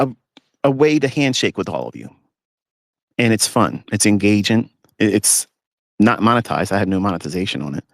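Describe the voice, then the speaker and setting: A man's voice: fairly low pitch, no echo, clean studio sound. A man giving a blunt, ranting lecture as a trading educator in a live audio-room monologue, talking from inside a parked pickup truck.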